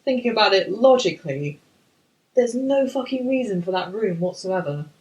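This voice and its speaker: Animated, sweary woman ranting. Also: mid-range voice, moderate pace, rough recording. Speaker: podcast co-host. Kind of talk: casual film chat.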